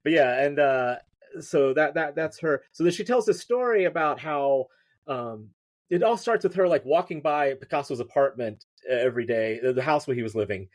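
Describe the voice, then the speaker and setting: A man's voice: on the high side, expressive, normal speed. Man rambling through a story. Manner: rambling storytelling with many fillers and restarts. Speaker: podcast guest, writer. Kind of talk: casual chat.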